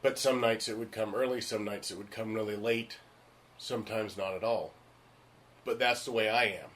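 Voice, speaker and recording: A man's voice: lowish voice, moderate pace. A male actor telling stories in casual chat, frank and emphatic, acting out the voices of the people he talks about. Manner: animated, acts out the voices of people in his stories. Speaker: stage and screen actor.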